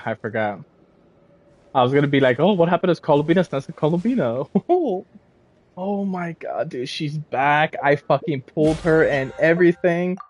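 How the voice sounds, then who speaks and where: A young adult streamer in casual let's-play commentary, excitable and gushing, exclaiming over and over. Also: medium pitch.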